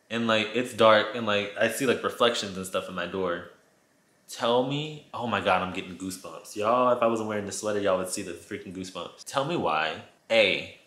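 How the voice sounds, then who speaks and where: A man recounts a story for his viewers in a casual vlog, swearing freely and building drama as he goes. His voice is bright and tense. The echoey room rings around him. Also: on the low side. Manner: animated, profane, dramatic storytelling addressing viewers. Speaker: vlogger telling a story. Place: his apartment.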